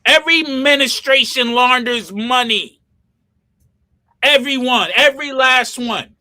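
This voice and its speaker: A man's voice: very high-pitched, a little slow, pushed and bright, dry recording. A man co-hosting a casual podcast chat, emphatic and opinionated, swearing freely. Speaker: podcast co-host.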